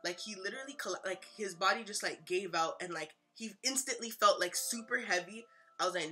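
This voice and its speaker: A young woman tells an emotional story, talking in a slangy, animated way with many fillers and sudden loud and quiet stretches. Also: medium pitch, brisk, faint music behind. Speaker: vlogger, mother.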